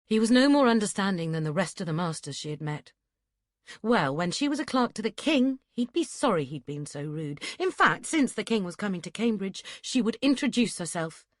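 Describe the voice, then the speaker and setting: A woman narrating a historical romance audiobook in a steady, measured storytelling manner. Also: mid-range voice, dry recording, studio quality. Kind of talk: scripted narration.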